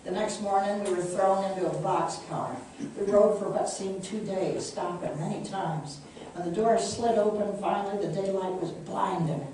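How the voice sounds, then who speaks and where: A woman author reading her picture book aloud in a measured, heartfelt way, in an echoey room from a distant mic. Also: mid-range voice, dark tone, a little hiss or hum.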